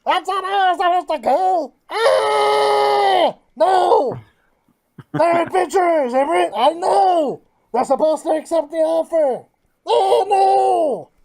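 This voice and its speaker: Man doing a rough, pushy stumpy barkeep. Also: animated, moderate pace, heavily acted. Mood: panicked. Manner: loud, insistent, high and strained. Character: short stumpy frumpy male bar owner, pushy and whiny. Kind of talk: tabletop role-play.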